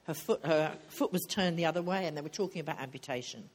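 A woman's voice: deep voice, quick pace, breathy edge. A woman preaching at a women's retreat, speaking earnestly and conversationally, and repeating key lines for emphasis. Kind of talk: sermon.

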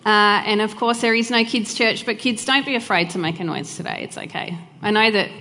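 A woman's voice: mid-range voice, brisk, sharp tone. Fervent woman preaching in a hall. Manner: fervent, heartfelt, chatty asides. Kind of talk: live church sermon with prayer. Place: church hall during a live service. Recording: long hall reverb, faint music.

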